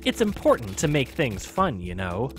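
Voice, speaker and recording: A courteous, sinister male translator, voiced by a man reading a game aloud. The voice sits a little lower than normal and stays smooth and unhurried. Every polite phrase carries a quiet threat. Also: wildly swooping pitch. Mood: teasing.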